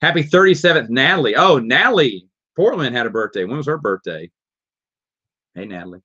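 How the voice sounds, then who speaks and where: A man's voice: mid-range voice, animated, a little fast, sharp tone, slightly rough. A man with a Southern accent hosts a live question-and-answer stream, reading viewer questions aloud and talking them over in a loose, rambling way. His voice sits in a middle range. The sound is dull and lo-fi, like cheap stream audio. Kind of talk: casual live Q&A.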